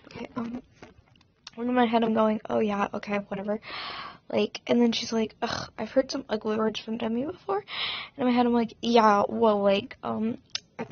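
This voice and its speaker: A woman's voice: on the high side, husky, no echo, dull audio. A teenage girl rambling through a dramatic storytime vlog, full of fillers and acted-out quotes. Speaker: vlogger.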